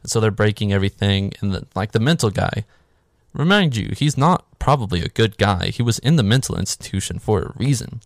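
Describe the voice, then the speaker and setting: Sarcastic male movie recapper, lowish voice, dry close sound, loose and profane. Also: lively intonation, brisk, no room sound. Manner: sarcastic, swears freely, filler "like". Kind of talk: casual comedic movie recap.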